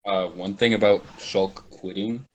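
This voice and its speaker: A man's voice: low voice, fairly even intonation, measured pace, darkish tone, poor audio. A young man in casual gaming chat on a podcast, teasing and jokey.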